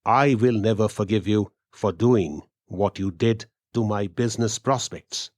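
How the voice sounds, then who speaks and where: A frustrated businessman husband speaks in a plain, low-key male voice, defensive and bitter in turn, as the narrator plays him. The pace is slow and deliberate, and the sound is dry and close. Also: a little mellow, dry recording, lightly acted.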